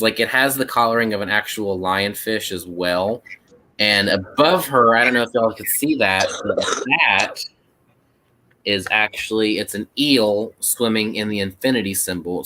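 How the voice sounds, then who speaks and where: Man, co-host, casual tarot reading, rambling, hesitant, lowish voice. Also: bright, forceful tone, a little hiss or hum, poor audio. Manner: rambling, hesitant, full of "like" and self-corrections.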